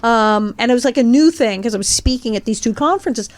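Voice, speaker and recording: A woman in her sixties, a guest in an interview, telling animated stories and quoting people in acted voices. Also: a little high, quick pace, no room sound. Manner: lively, quotes people in acted voices, laughs often. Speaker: guest, actress and author.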